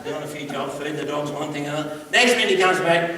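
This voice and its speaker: An Australian man giving a humorous storytelling speech, animated and acting out quoted voices. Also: on the high side, quick pace. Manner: animated yarn-spinning, acts out quoted voices, laughs along. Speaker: public speaker. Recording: roomy hall, distant mic, background noise.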